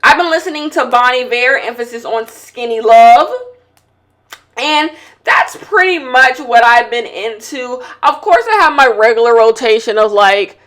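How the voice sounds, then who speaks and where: A woman hosting her podcast in a casual chat, candid and opinionated, talking while she does her makeup, swinging from loud outbursts to quiet asides. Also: on the high side, expressive, a little slow. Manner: candid and opinionated, with slangy banter. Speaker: podcast host.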